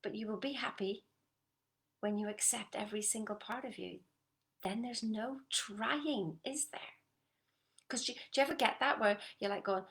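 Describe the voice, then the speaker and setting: A woman coaching listeners on a group call in an earnest, coaxing manner, often dropping to a soft whisper and checking in with short questions. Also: medium pitch, moderate pace. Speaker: motivational coach. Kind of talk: motivational talk on a group call.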